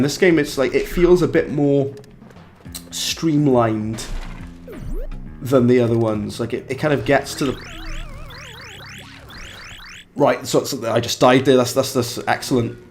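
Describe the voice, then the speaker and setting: A man's voice: medium pitch, a little slow, long pauses, faint music behind. A young man giving casual, chatty live commentary while he plays a game and banters with his chat. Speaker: game streamer.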